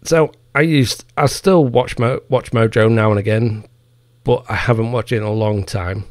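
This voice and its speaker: A man's voice: lowish voice, moderate pace, dry recording, clean studio sound. A man hosting his own podcast, delivering a heated, profane rant with mocking asides. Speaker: podcast host. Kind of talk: casual solo podcast rant.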